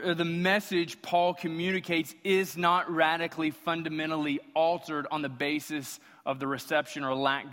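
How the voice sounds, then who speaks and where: A man's voice: a little high, fairly bright tone. A man preaching an impassioned sermon as pastor, building through rhetorical repetition. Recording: long hall reverb.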